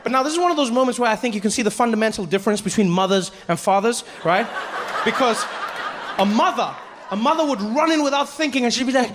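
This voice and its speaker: Man, stand-up comedian, animated storytelling, high voice. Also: fast, noisy background. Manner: animated, lots of voices, punchy asides.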